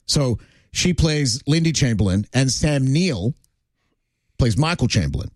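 A man's voice: medium pitch, measured pace, no room sound. A man hosting a radio show, chatting casually and telling stories with plenty of fillers. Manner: chatty, animated storytelling with frequent fillers. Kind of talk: casual on-air chat.

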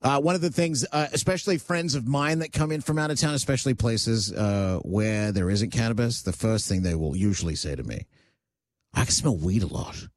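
A man's voice: medium pitch, lively intonation, a little fast, hardly any pauses, dry recording. A male talk radio host chatting casually, teasing callers and ranting wryly. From Canada. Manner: wry, teasing, ranting asides.

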